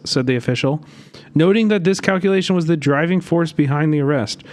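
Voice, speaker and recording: A man's voice: fairly high pitch, fairly quick, a little mellow. A young man streaming live, giving heated, rambling commentary and swearing often.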